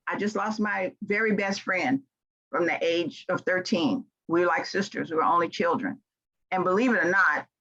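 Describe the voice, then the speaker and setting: A woman's voice: fairly low pitch, fairly bright tone. An older woman from Memphis with a Southern accent, giving a heartfelt, folksy motivational talk to an audience. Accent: Southern American. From Memphis, Tennessee. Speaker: keynote speaker. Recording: dull lo-fi sound.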